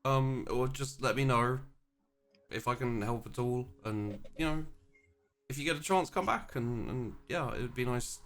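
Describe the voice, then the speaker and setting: A man's voice: mid-range voice, normal speed, fairly bright tone, voice pushed up, lightly acted. A man voicing an eager, slightly odd young woman who speaks hesitantly and hopefully. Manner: hesitant, enthusiastic.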